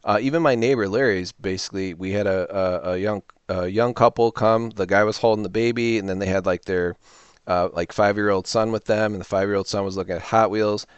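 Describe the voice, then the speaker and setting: Low, smooth-voiced man telling stories. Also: brisk, no echo, dull audio. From Illinois, US. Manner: rambling, animated storytelling with quoted voices. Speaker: reseller channel host. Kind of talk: casual talking-to-camera vlog.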